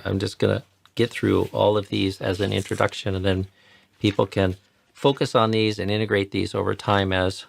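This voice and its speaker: A chanting teacher with a fairly low, gravelly voice leads a live tutorial. He patiently explains and models pronunciation, repeating words slowly so learners can hear the sounds.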